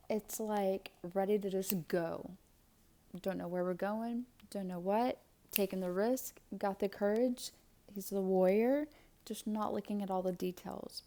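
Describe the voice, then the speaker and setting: Soft-spoken woman with gravelly fry. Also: mid-range voice. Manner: soft, often half-whispered delivery. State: slightly swollen mouth after dental work. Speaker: tarot reader and astrologer. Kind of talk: spiritual vlog with prayer and tarot reading.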